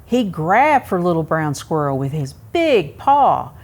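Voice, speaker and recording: A woman reading a picture book aloud to young children at a museum story time, pausing to ask them questions. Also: low voice. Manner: asks young listeners questions, expressive.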